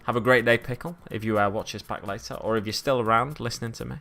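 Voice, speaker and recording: A man's voice: mid-range voice, steady tone, fast talker, vocal fry, a bit bright. A man chatting casually on a live stream at his hobby desk, reading the chat aloud and rambling along. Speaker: miniature-painting streamer.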